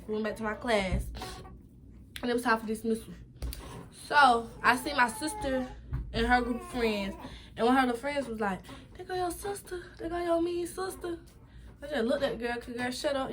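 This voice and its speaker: A young woman with a New York accent, casually telling a storytime in an animated, chatty, slangy way. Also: a little hiss or hum. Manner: animated, chatty, slangy retelling with repeated "boom". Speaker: vlogger.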